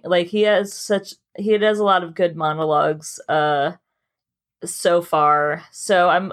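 A woman co-hosting a podcast, chatting casually with frequent fillers. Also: lowish voice. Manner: chatty, giggly, filler-heavy. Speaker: podcast co-host. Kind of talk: casual chat.

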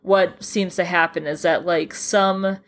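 A woman's voice: lowish voice, steady tone, a little slow. Chatty woman podcast co-host. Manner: hesitant, many restarts and fillers, chatty. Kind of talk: casual chat reviewing a TV episode.

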